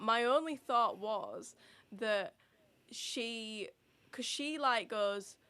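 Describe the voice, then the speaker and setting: Young woman, slightly high voice, casual filler-heavy podcast co-host. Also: drawn-out words, bright, forceful tone, smooth. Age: young adult. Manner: chatty, filler-heavy, laughs easily.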